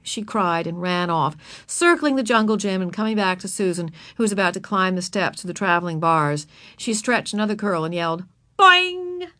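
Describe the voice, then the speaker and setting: A woman narrating a children's storybook in an expressive, animated reading. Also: fairly low pitch, a little fast, hardly any pauses, no echo.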